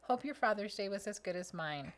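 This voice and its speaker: A sleepy woman co-hosts a live stream, reading viewer messages aloud and thanking each one. She is chatty and playful, sometimes singing little high-pitched dings when a donation comes in. Her voice sits at a middle pitch. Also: animated, a little fast. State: sleepy, yawning. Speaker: co-host reading super chats. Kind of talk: casual live-stream chat.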